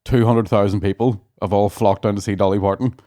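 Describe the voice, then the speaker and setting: A man's voice: fairly low pitch, fairly even intonation, warm tone. A man guesting on a podcast, trading sweary jokes in casual banter. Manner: sweary, joking, quick asides.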